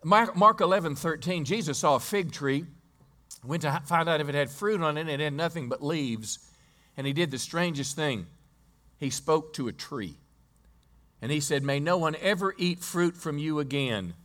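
A man preaching in a church sanctuary, his voice sitting a little high for a man. He tells the story in a conversational way, checks in with the congregation, and stumbles and repeats words as he builds his point. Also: moderate pace, fairly bright tone. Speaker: pastor. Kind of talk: sermon.

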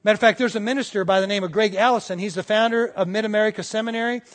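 A male pastor with a high, steady voice talks rapid-fire through a conversational sermon. He often checks in with the congregation and tells little stories, acting out the voices in them.

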